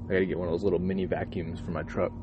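A man's voice: sits low, little pitch movement, racing, noisy background. A man, a truck driver, talking casually from his parked truck cab at a truck stop and ranting profanely with lots of energy. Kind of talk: casual vlog monologue.

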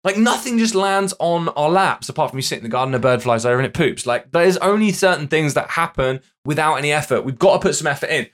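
Fast-talking male fitness coach. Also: on the high side. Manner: energetic, emphatic, repeats questions to drive points home. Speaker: fitness coach and podcast host. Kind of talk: solo podcast monologue.

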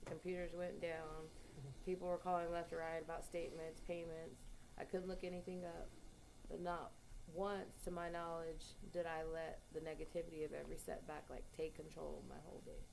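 A woman's voice: low voice, flat delivery, brisk, vocal fry, darkish tone, slight background noise, poor audio. A woman sharing a personal testimony casually and hesitantly, with many fillers. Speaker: congregation member sharing a testimony.

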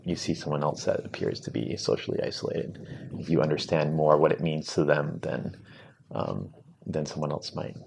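A male interviewer answers his guest in a gentle, thoughtful way, sometimes restarting his sentences. His voice is extremely deep and full of vocal fry. A faint hiss sits in the background. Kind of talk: empathetic conversational interview.

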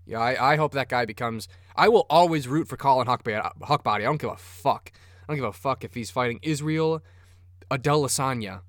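A man's voice: mid-range voice, animated, fairly quick, fairly bright tone, dry recording, studio quality. A man hosting a sports podcast, rambling casually and cursing freely. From Minnesota. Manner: profane, rambling, enthusiastic. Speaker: podcast host.

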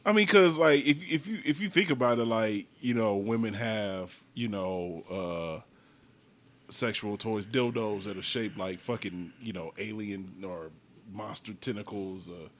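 A man's voice: lowish voice, measured pace. A man co-hosting a podcast in casual chat, rambling and profane, with lots of restarts. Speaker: podcast co-host.

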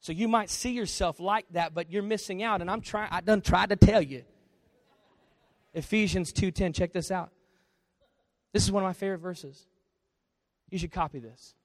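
A man preaching a sermon as pastor, swinging between quiet confession and loud storytelling. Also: high voice, normal speed, long pauses, no room sound, clean studio sound.

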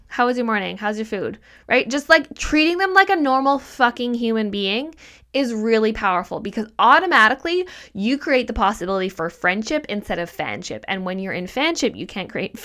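A woman talks through a solo podcast episode as a mindset coach, her pitch leaping up and down as she drives each point home. She is emphatic and casual, repeats key lines for weight, and drops the odd swear word. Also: fairly bright tone.

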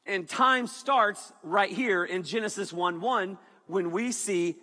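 Casting: upbeat male pastor, high and bright, joking to the congregation, big hall reverb. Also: measured pace. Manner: energetic and joking, with playful asides. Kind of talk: sermon.

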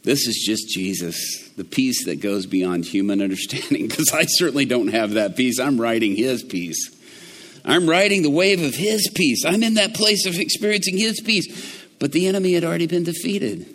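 A middle-aged male preacher giving a sermon, moving from hushed, low storytelling to loud, fervent preaching. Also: normal speed, in a large hall.

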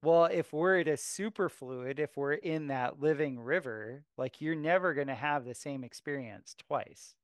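A man's voice: fairly high pitch, normal speed, hardly any pauses, no echo, clean studio sound. A man who works as a massage therapist and astrologer, musing loosely and thinking aloud in a casual podcast chat.

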